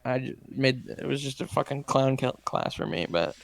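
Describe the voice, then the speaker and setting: A man's voice: mid-range voice, lively intonation, normal speed, gravelly, no echo. A young man co-hosting a casual chat with friends, telling rambling stories and swearing freely. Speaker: co-host.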